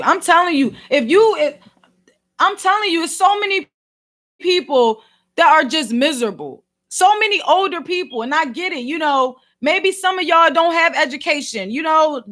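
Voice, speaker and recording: A woman with a Philadelphia accent rants straight to her audience in a vlog. Her voice sits very high and comes across bright and sharp. She talks with exasperated, slangy energy. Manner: exasperated, animated ranting full of slang. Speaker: vlogger and podcast host. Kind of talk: ranting commentary.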